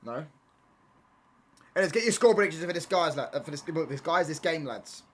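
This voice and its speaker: A man's voice: fairly high pitch, lively intonation, brisk, slightly rough. A young man chatting casually on a football watchalong stream, reading chat and bantering in slang with stop-start restarts.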